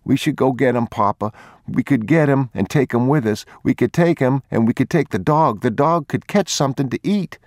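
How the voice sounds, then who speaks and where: A man's voice: medium pitch, normal speed, darkish tone, no echo, studio quality, pitched above the performer's own voice, lightly acted. A man reading a story aloud, voicing a frightened young boy who pleads and begs anxiously. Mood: pleading. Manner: anxious, begging, tearful. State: crying.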